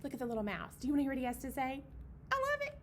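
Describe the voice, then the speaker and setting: Lively high-voiced woman reading to babies. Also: very fast, slight background noise. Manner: sing-song, playful, acts out animal sounds. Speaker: children's librarian leading storytime. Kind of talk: reading a picture book aloud to babies. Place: library storytime room.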